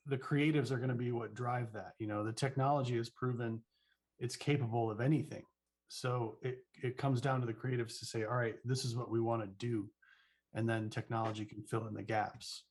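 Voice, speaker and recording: A man's voice: mid-range voice, darkish tone. Thoughtful man musing on a panel. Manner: thoughtful, measured, leans on "you know". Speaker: virtual production panelist. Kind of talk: convention panel discussion.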